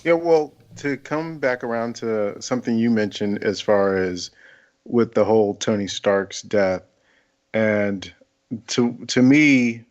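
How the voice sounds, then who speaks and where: A man in a casual film discussion, speaking in a measured, explanatory way. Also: fairly low pitch, highs cut off.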